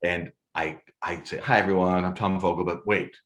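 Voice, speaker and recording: A deep-voiced man speaking at normal speed is a podcast guest, a storyteller and photographer who tells stories theatrically. He's lively, laughs often and acts out scenes, with a little hiss or hum in the audio.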